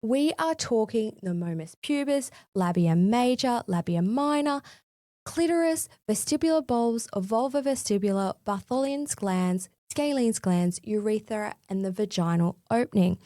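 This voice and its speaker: A woman's voice: mid-range voice, lively intonation, a little slow, dark tone, no echo, clean studio sound. A woman in her forties hosting a solo podcast, talking in a cheeky, frank, chatty way with a bit of mild swearing. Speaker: podcast host. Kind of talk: scripted solo podcast monologue.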